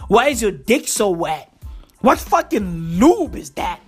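A woman's voice: mid-range voice, very animated, slow pace, breathy edge, faint music behind. A woman from South Africa delivering a heated, swearing comedic rant full of slang and repetition. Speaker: comedic ranter.

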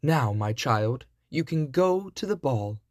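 A man voicing a kindly little old fairy godmother in a storybook reading, gentle but commanding. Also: lively intonation, slow pace, no echo, clean studio sound. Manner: gentle, commanding, higher and brighter than his narration.

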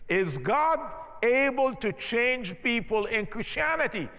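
A man's voice: extremely high pitch, sing-song, slow pace, pushed and bright, in a large hall, voice pushed up, full character voice. An Egyptian-accented man voicing a stern male official who questions him during an interrogation. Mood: questioning.

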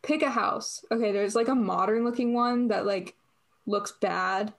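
This podcast co-host is a young woman with a mid-range voice and noticeable vocal fry. She chats in an unhurried, casual way, wandering off track with lots of fillers and restarts.

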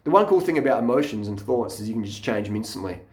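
A man's voice: on the low side, expressive, fast, darkish tone, reverberant. A man ranting casually to his camera, blunt and profane, laughing at his own stories. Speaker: vlogger. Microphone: camera mic.

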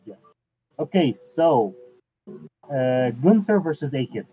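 A man hosting a casual chat at a medium pitch, in an unhurried way. He fills pauses with "uh" and often restarts his sentences. His voice comes through a thin, tinny line like a phone call. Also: expressive. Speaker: podcast host.

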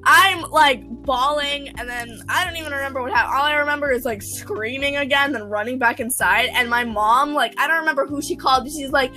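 A young woman in casual chat, goofy, with loud interjections. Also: sits high, brisk, few pauses, soft background music.

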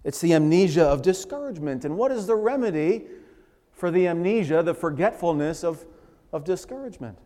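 A man preaching a sermon in a fairly high voice, leaning hard into the scripture he quotes. His words ring out with a long reverb through a church sanctuary. His delivery stays emphatic throughout. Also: lively intonation, fairly quick, mellow. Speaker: pastor.

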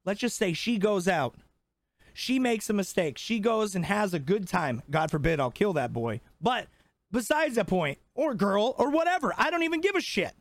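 A man's voice: high voice, very animated, moderate pace, no room sound, clean studio sound. A man in his twenties co-hosting a podcast, ranting heatedly and swearing constantly. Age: 20s. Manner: profane, fired up, emphatic. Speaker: podcast co-host. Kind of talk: heated casual rant.

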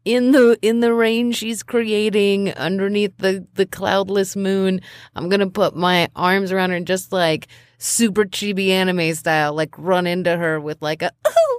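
A woman's voice: medium pitch, steady tone, unhurried, no room sound, studio quality. Bubbly woman playing a tabletop game. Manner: bubbly, rambling, many fillers. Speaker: player.

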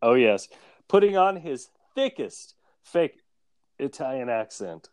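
A man co-hosts a casual podcast, recapping a cartoon episode in an animated, jokey way and laughing often. His voice is mid-range, clear and resonant, and he speaks slowly with no echo.

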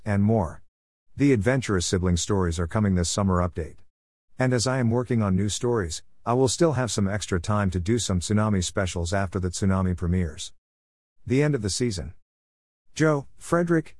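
Storyteller, male, low register, earnest read-aloud, dry booth sound. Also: darkish tone, no room sound. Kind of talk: reading his own story aloud.

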